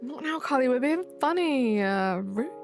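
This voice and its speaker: A woman's voice: high-pitched, expressive, measured pace. A young woman live streaming at home on a desk mic, chatting casually, reading chat aloud and joking back. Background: faint game music.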